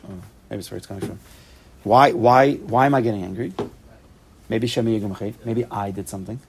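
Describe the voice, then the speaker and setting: A man with a lowish voice teaches an informal Torah study class, speaking a little fast and with animation. He repeats himself, restarts sentences, and mixes in Hebrew and Yiddish terms, recorded for a tape in a study room with slight background noise.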